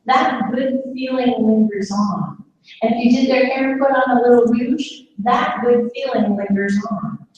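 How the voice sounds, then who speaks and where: A woman with a voice on the high side and a darkish tone runs a live dementia caregiver workshop. She keeps it engaging by putting questions to the audience. The mic is far away in an echoey room, with faint background noise.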